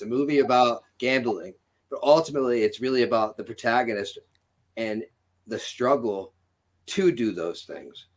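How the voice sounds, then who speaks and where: Man, reflective conversational talker, mid-pitched and loose. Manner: thoughtful, leans on fillers like 'you know' and 'right'. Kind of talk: casual reflective chat.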